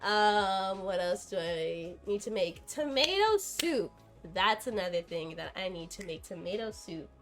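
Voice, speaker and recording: A woman's voice: lowish voice, steady tone, unhurried, hardly any pauses, over music. A young woman streaming live from her home kitchen, chatting casually with lots of fillers and giggles. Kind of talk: casual live-stream chat while cooking. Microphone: camera on a tripod.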